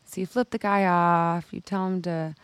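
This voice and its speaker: A woman's voice: fairly low pitch, fairly even intonation, moderate pace, clean tone, no room sound. A woman coach giving a motivational talk, telling a story and casually acting out other people's lines, sometimes swearing. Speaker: women's life coach.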